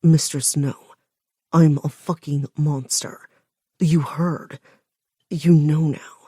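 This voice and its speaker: A broken, ashamed grown man, his voice low and lifeless, as a female narrator reads him. He sounds flat and defeated. The voice is set close and dry, with no room behind it. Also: slow pace, breathy edge, dry recording, heavily acted.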